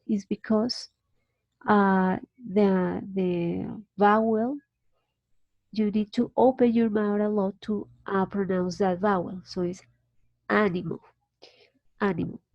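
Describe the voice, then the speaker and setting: A woman's voice: medium pitch, steady tone, dry recording, dull audio. Colombian woman teaching English, patient. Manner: patient, explains slowly with restarts. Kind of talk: online class explanation.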